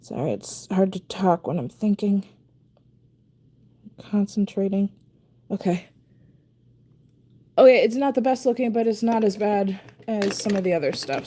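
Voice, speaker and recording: A woman's voice: mid-range voice, warm tone, a little hiss or hum. A woman chatting casually on a live stream while painting her nails, talking to herself in a self-deprecating way as she concentrates. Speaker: nail art streamer.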